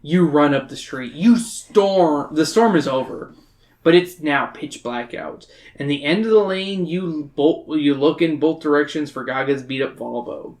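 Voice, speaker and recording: A woman's voice: low voice, a little slow, darkish tone. A tipsy woman hosting a podcast, reading a story aloud in a loose, joking way and stumbling over words. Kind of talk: tipsy casual read-aloud.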